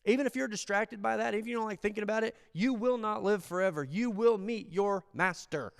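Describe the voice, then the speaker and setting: A man preaching a sermon as a pastor, in earnest, swinging from hushed low lines to raised ones. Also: a little fast, vocal fry, smooth. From United States. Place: church.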